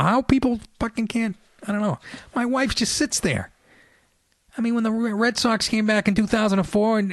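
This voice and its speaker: A middle-aged male comedian rants through his podcast monologue, profane, sarcastic and quick to get worked up. His voice sits a little high. The sound is dry and close on a podcast mic. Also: no room sound. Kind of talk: ranting comic monologue.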